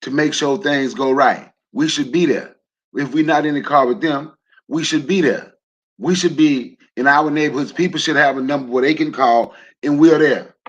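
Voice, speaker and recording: A man's voice: fairly high pitch, moderate pace, muffled recording. A man hosting a casual livestream. He talks loosely to his audience, throws in jokes and questions, and rallies his listeners with emphatic repeated lines. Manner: emphatic, rallying. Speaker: livestream host. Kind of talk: casual livestream talk to a chat.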